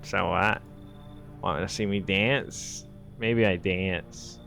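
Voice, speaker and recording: An unsettling ballerina stranger at the door in a horror game, read by a man in his own low voice, speaking slowly in broken English with quiet, gravelly menace. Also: fairly even intonation, faint music behind, full character voice. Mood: cryptic. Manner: broken English, slow, cryptic. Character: eerie, terse female ballerina stranger.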